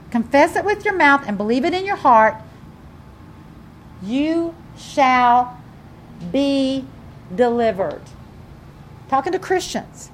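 A grandmother who is a pastor preaches a fervent sermon to her congregation, telling a family story and building her emphasis as she goes. Her voice is high-pitched, and there's slight background noise.

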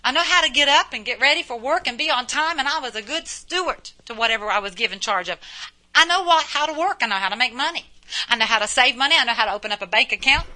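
A woman's voice: high-pitched, expressive, quick pace, sharp tone. A middle-aged woman preaching a sermon in a folksy way, full of rhetorical questions and repetition.

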